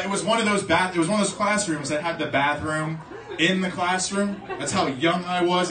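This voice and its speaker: Profane young stand-up comic in a club. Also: male voice, high-pitched. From South Florida. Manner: profane, storytelling, acts out voices in bursts. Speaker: stand-up comedian. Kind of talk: stand-up set. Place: comedy club stage. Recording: roomy club sound from a distance, crowd audible.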